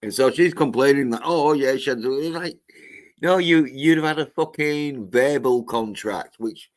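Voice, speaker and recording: A man ranting on his own livestream, swearing heavily and often stopping to restart his sentences. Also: mid-range voice. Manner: profane, ranting, halting with restarts. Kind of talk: solo livestream rant.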